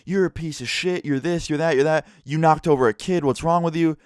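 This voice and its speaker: A man voicing an angry, drunk father in his forties who yells insults at teenagers. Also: on the high side, fairly quick, smooth, no room sound, studio quality, voice pushed up, lightly acted. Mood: yelling. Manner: yelling insults, aggressive. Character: furious drunk dad, man around forty.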